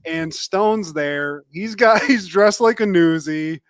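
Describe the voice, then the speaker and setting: A man co-hosting a podcast, recapping a show in a joking, animated way. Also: fairly high pitch, clear, resonant tone, dry recording. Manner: joking, animated, quick asides to his co-host. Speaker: podcast co-host. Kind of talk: casual recap chat.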